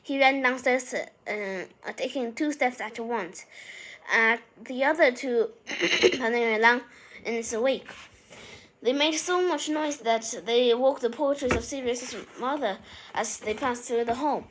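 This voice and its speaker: A woman reads a novel aloud as an amateur reader, her voice sitting on the higher side. She reads haltingly, tripping over words, restarting and filling gaps with ums. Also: a bit bright, a little hiss or hum. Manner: halting, frequent slips and restarts.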